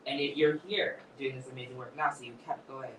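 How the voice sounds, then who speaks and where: A man puts earnest, halting questions to a guest in a live onstage interview, often restarting his sentences. His voice is at a middle pitch and is picked up from far off in a roomy hall. A faint hiss runs underneath. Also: little pitch movement.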